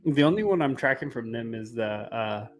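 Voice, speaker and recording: A man chatting loosely over drinks, his voice going hoarse and strained. He talks in a plain middle register with easy, rambling tasting notes. Faint music plays behind him. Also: mid-range voice, moderate pace. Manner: relaxed, tipsy banter, explains flavors. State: losing his voice. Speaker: whiskey tasting co-host. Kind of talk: casual chat.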